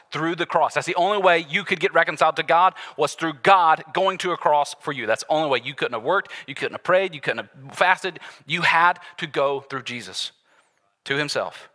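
A man preaching a sermon, walking the congregation through a passage in an animated, conversational way with sudden loud bursts. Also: fairly high pitch. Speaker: pastor. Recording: long hall reverb.

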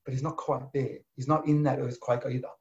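A man preaching a sermon, swinging from emphatic bursts to soft, near-whispered lines. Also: medium pitch, steady tone, brisk. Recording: dull lo-fi sound.

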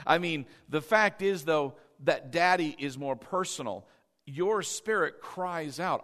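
High-voiced male pastor, echoey sanctuary. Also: expressive, unhurried, fairly bright tone. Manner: conversational, often checks in with the congregation; emphatic, repeats key phrases. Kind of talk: sermon.

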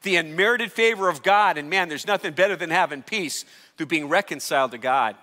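Male pastor, sermon, high bright voice, long hall echo. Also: fairly quick. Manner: emphatic, conversational preaching with rising calls. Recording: hall reverb.

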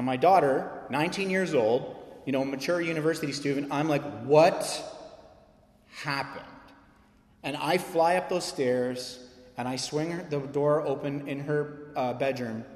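Male pastor, animated sermon delivery, slightly high voice; roomy reverberant hall. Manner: animated storytelling preacher, acts out quoted voices. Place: church sanctuary. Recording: echoey hall with long reverb.

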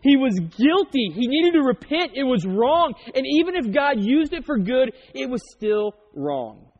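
High-voiced male pastor in a reverberant hall. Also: big pitch swings, measured pace. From Oklahoma. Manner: conversational storytelling with jokes. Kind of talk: sermon. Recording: muffled sound in a reverberant hall.

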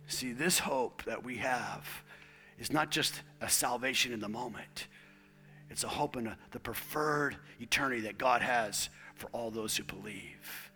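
A middle-aged man preaching a sermon in a church, swinging from loud, rising declarations to hushed, near-whispered lines and repeating key phrases for emphasis. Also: mid-range voice, unhurried, in a large hall, faint music behind. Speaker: pastor. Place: church sanctuary.

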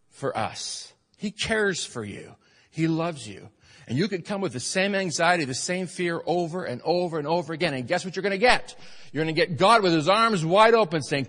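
Emphatic preacher in an echoing hall. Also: male voice, a little high, animated, a little fast, fairly bright tone. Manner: emphatic preaching, rising and falling in force. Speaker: pastor. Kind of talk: sermon.

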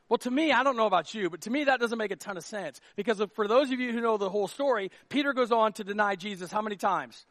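Man, pastor, very high voice, playful casual sermon, dry sound. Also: a little fast, few pauses, no room sound. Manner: animated, jokey, acts out quotes.

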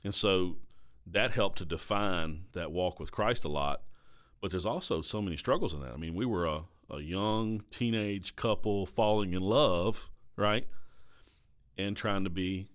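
A man with a Southern American accent, a pastor hosting a podcast, talking earnestly and confessionally in casual conversation and often checking in with a quick question tag. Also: low-pitched.

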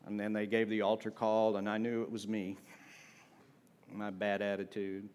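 A man's voice: lowish voice, little pitch movement, normal speed, a little mellow, clear, resonant tone. A man preaching a sermon in a conversational, humorous way, often asking the congregation for an amen. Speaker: pastor.

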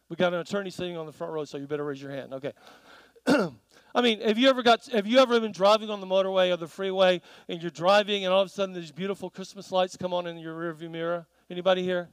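A man's voice: sits high, clean tone, no room sound, poor audio. A man preaching a sermon in a church, telling stories and asking the congregation questions. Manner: animated storytelling with audience questions.

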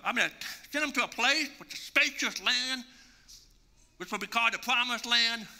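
A preacher voicing God, calm and sure. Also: male voice, extremely high pitch, moderate pace, creaky, big-room sound, heavily acted. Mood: assured. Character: God, a calm and confident male deity.

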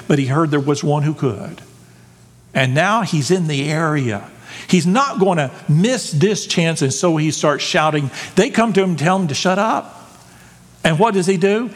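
A man preaches with lively emphasis, throwing rhetorical questions at his congregation. His voice sits on the high side for a man. The sound carries a long reverb from the church hall. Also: slightly rough. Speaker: pastor. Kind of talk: sermon. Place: church sanctuary.

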